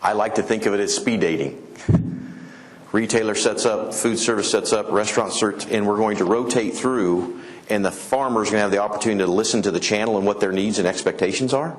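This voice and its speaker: Conference speaker: middle-aged man from colorado, lively storyteller, talks to the crowd on a stage mic. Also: a little fast. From Colorado, USA. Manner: animated storyteller, acts out quoted customers with raised pitch. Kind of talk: energetic conference talk. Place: conference hall.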